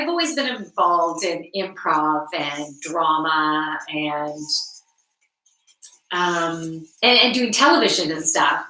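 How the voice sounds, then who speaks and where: On a live stream, a woman talks frankly, swears casually, and giggles often between phrases. Her voice is lowish with a sharp tone, picked up by a distant mic in a room with noticeable echo.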